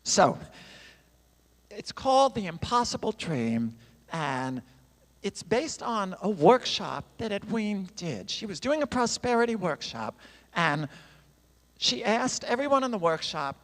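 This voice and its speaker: A man's voice: high-pitched, very animated, measured pace. A man, a songwriter and guest speaker, telling a story in a conversational sermon style in a church sanctuary. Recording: long reverb in a large hall.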